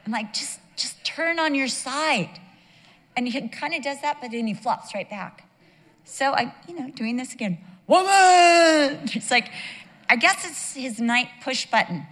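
A woman's voice: fairly high pitch, lively intonation, moderate pace, pushed and bright, long reverb tail. A woman preaching a sermon, emphatic and mixing in humorous personal asides.

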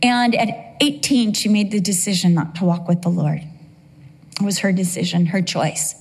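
A woman's voice: medium pitch, normal speed, breathy edge. A middle-aged woman preaching a sermon, telling a personal story in an earnest, emotional way.

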